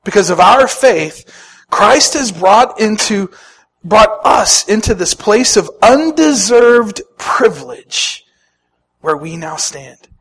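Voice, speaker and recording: With a husky, high-sitting voice, a pastor preaches slowly but with animation, impersonating the people he quotes. Sudden shifts between loud and soft run through his sermon.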